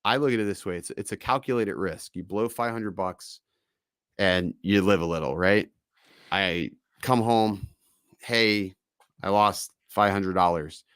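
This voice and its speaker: A man hosting a casual live-stream chat, telling stories in a loose, profane, animated way. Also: on the low side, moderate pace, no echo, clean studio sound. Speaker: podcast host.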